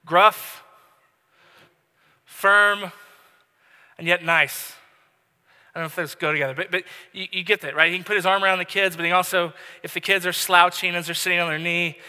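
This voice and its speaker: A man's voice: sits high, fairly even intonation, moderate pace, long pauses, sharp tone, smooth. A man in his thirties, a pastor preaching a sermon, telling a personal story in a conversational way with many restarts. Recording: long hall reverb.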